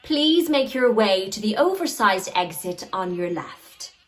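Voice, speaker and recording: A woman voicing a soft but firm female cat librarian who narrates a children's show, speaking in a prim, formal announcing manner. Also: mid-range voice, big pitch swings, measured pace, slight background noise, voice pushed up. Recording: show clip with clear music behind.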